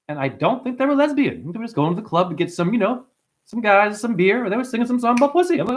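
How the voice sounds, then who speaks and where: A man ranting to his chat on a livestream, swearing a lot and rambling, swinging from loud outbursts to low muttering. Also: quick pace. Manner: profane, rambling, excitable, swings between shouting and muttering. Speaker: live streamer. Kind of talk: unscripted livestream rant to chat.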